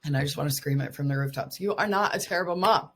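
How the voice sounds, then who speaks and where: Husky low-voiced woman life coach. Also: fast talker, fairly bright tone. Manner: earnest, encouraging, laughs often. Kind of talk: casual coaching talk to mothers.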